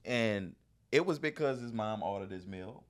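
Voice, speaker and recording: A man from New Orleans with a local accent, talking reflectively in a casual podcast conversation that turns animated when he tells stories. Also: lowish voice, normal speed. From New Orleans, Louisiana. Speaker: podcast guest.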